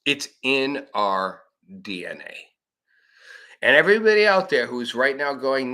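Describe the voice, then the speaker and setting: Male host, bright forceful tone, blunt profane commentary. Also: medium pitch, expressive, measured pace, vocal fry. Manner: blunt, profane, acts out quoted voices. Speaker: show host. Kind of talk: opinionated live commentary.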